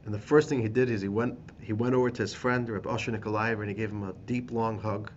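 A man, a rabbi teaching a class, telling a story with animated emphasis and repeated phrases. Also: lowish voice, quick pace, dull audio, a little hiss or hum. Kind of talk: storytelling lesson.

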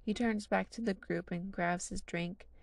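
Woman, gravelly low voice, dry close sound, casual wry story reading. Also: steady tone, measured pace, no echo. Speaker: narrator. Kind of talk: audiobook reading of fan fiction.

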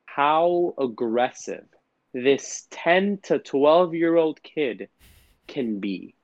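Animated young man with a lively voice. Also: a little high, extremely slow, no echo. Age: 20s. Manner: animated storytelling, mimics gamers with profanity. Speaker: podcast co-host. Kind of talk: casual chat. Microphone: podcast microphone. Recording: dull lo-fi sound.

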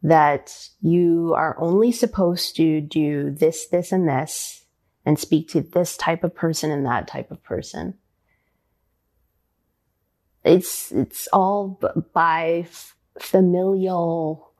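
A woman, a ballet dancer, answering interview questions in a thoughtful, halting way, often searching for words. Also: low-pitched, steady tone, darkish tone. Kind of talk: interview conversation.

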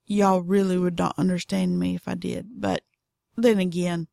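A woman's voice: on the low side, flat delivery, moderate pace, gravelly, mellow, dry recording. A middle-aged woman with a Southern US accent, hosting a knitting podcast in a chatty, folksy, drawling way. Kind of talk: casual podcast monologue.

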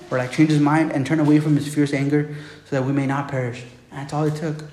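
A man's voice: fairly high pitch, steady tone, quick pace, a little mellow. Casual male pastor preaching in roomy room. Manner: casual, repetitive, says "man" a lot. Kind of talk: sermon teaching from Bible. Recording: roomy room, faint background noise.

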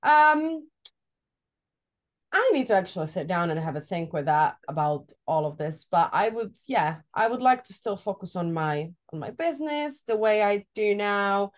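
A woman's voice: medium pitch, big pitch swings, moderate pace. A woman co-hosting a fitness podcast, chatty and teasing, who laughs easily. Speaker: fitness coach and co-host. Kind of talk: casual podcast chat.

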